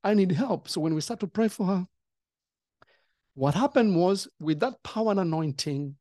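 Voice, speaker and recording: Animated preacher telling a testimony. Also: mid-range voice, normal speed, no echo, clean studio sound. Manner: animated storytelling, acting out quotes. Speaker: pastor and co-host. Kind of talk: testimony in podcast conversation.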